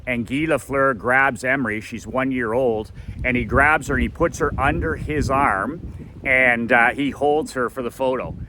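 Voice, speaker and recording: A motivational coach with a bright, forceful voice tells a story at a measured pace, with slight background noise. He acts out quoted lines with sudden high pitch jumps and repeats his motto like a preacher in this storytelling monologue.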